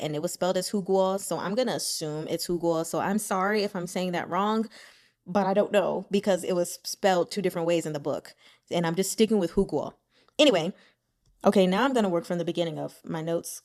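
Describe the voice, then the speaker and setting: Chatty woman reader, playful and giggly. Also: medium pitch. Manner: chatty, playful, laughs often, talks to characters directly. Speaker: web novel audiobook reader. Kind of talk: casual commentary after reading chapters.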